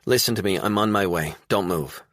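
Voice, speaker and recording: A man voicing a tough, no-nonsense woman police detective who speaks firmly and briskly in an audiobook. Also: sits low, a bit bright, dry recording, clean studio sound, pitched above the performer's own voice. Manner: firm, brisk.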